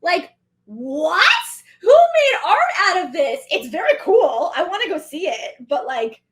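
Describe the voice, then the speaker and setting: Woman co-host, 30s, high voice, chatty and animated, casual recap talk. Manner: chatty, animated, quick asides. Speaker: podcast co-host.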